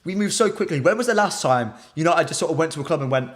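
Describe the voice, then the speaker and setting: A young man with a British accent hosts a live stream, talking casually and replying to comments from chat. His voice sits a bit high for a man, and he keeps up a lively, bantering flow. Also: fast. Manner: animated, reads chat comments aloud and banters with viewers.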